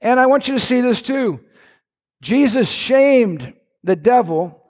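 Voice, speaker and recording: A man preaching a sermon to his congregation, telling lively stories with playful asides. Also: very high voice, unhurried, long reverb tail. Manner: animated storytelling with playful asides. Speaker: pastor. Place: church sanctuary.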